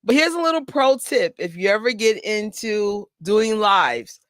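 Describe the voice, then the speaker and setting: A young adult woman chats her way through a casual fan live stream at home, talking into a desk mic. She's excitable, greets viewers by name and laughs easily, and the sound is close and dry. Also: mid-range voice, unhurried, no echo. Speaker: fan channel host. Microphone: desk microphone.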